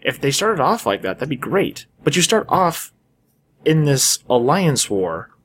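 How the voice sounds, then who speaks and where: A man's voice: fairly high pitch, big pitch swings, measured pace, fairly bright tone, husky. A man co-hosting a casual gaming podcast, rambling with "you know" and trailing off as he thinks aloud. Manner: rambling, trails off, hedging with fillers. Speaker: podcast co-host.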